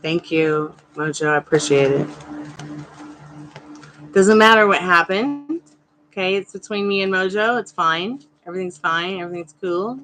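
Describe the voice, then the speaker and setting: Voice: mid-range voice, a little fast, few pauses, a bit bright, slight background noise. A tarot reader hosting a live stream, chatting casually with viewers and addressing them by name, firm but polite.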